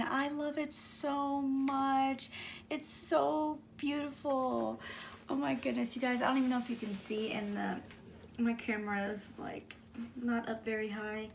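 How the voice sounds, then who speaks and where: A high-voiced woman talks her viewers through a craft mail unboxing in an unhurried way. She gushes over every item and squeals with delight. A faint hum runs behind her. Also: steady tone, creaky. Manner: gushing, squealing and gasping with delight. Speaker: craft vlogger. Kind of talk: excited unboxing vlog.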